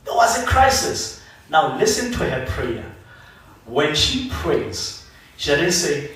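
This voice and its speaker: Animated preacher in an echoey church. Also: male voice, on the high side, measured pace. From South Africa. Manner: animated storytelling, acting out biblical figures. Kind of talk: sermon. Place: church sanctuary. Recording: echoey church hall from far off.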